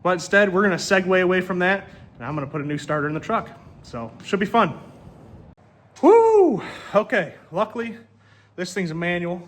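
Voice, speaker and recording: A man's voice: sits high, fast talker, pushed and bright. A man chatting casually and upbeat as he explains car repairs in his workshop. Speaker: shop vlogger. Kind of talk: casual how-to vlog. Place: workshop garage.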